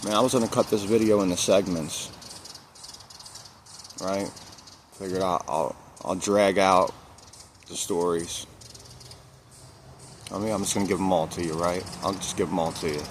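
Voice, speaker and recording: A man's voice: sits low, steady tone, moderate pace, long pauses, a little hiss or hum. A man vlogging a personal story in casual speech, repeating phrases for emphasis and using street slang.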